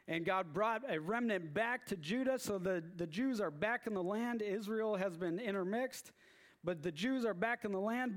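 High-voiced man preaching a sermon. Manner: storytelling with animated acted-out exclamations.

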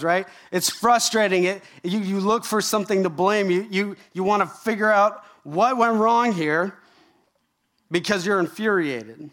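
Animated man preaching a sermon. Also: sits high, measured pace. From Canada. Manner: animated storytelling with rhetorical questions. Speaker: pastor.

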